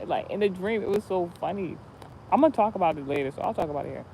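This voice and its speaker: A man telling a rambling, animated story in a casual spiritual vlog, with many restarts, recorded outdoors near a street with passing cars. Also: high-pitched, fast, vocal fry, slight background noise, poor audio. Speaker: vlogger.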